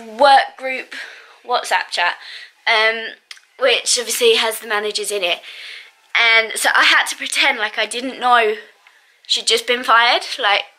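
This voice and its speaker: Woman, high voice, casual vlog storytelling, exasperated venting, laughs often. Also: sharp tone. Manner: exasperated venting, laughing in bursts, chatty with many fillers. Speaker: vlogger.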